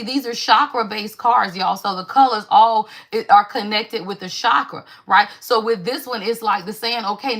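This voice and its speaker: A woman reading tarot cards to her viewers in a chatty, animated way, asking questions and answering them herself. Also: a little high. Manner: chatty, repeats "y'all" constantly; animated call-and-response questions. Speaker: spiritual tarot reader. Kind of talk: casual tarot reading livestream.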